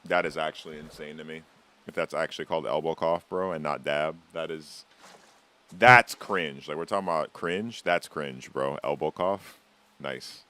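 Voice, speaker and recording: A man's voice: very deep voice, moderate pace, pushed and bright. A man streaming a game live, chatting casually with his viewers in a rambling, teasing way and swearing freely. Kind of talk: casual live-stream chat while gaming.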